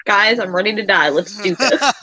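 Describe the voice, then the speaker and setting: A woman's voice: mid-range voice, expressive, normal speed, pushed and bright. A woman player joking wryly at a tabletop game. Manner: wry, joking.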